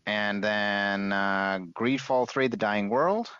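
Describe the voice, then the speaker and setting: A man's voice: on the low side, slow pace, clean tone, no echo. A man hosting a casual group chat, going through a list of games and pushing the others for answers. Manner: animated, hurrying the others along. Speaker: podcast host running a game rating list. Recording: dull lo-fi sound.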